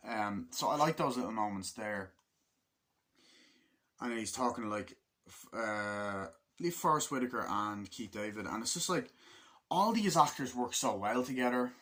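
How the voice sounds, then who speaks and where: A man with a fairly low, slightly bright voice and lively intonation rambles through an unscripted review of a war film at a moderate pace. He swears constantly, packs his sentences with ums and likes, and laughs easily throughout.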